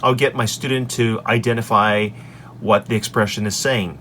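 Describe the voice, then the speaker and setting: A man who teaches English, recorded in his office on a desk microphone, walking through his lesson slides in an upbeat way and saying each example sentence clearly. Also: lowish voice, fairly even intonation, moderate pace, a bit bright, slight background noise. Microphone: desk microphone on an extension arm.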